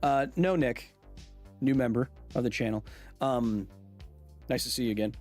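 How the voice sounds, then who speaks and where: A man's voice: medium pitch, normal speed, a little mellow, soft background music. A man in his thirties hosting a science podcast livestream, chatting loosely and jokingly with viewers, full of fillers and restarts. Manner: jokey, teasing back at chat. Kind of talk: casual live-stream chat reading viewer comments.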